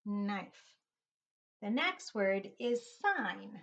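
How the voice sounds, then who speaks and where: A middle-aged woman teaches young children a phonics lesson, speaking very slowly and sounding each letter out one at a time. She keeps her pitch in an ordinary middle range. The recording is dull and lo-fi. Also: lively intonation, a bit bright. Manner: slow, patient, spells out letters one by one.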